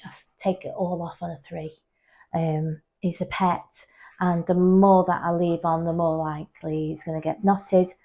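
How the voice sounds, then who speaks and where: A woman, a pet groomer chatting casually through a vlog as she explains her work. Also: mellow. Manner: chatty, explanatory, talks to the dog in a high coaxing voice. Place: grooming salon, indoors.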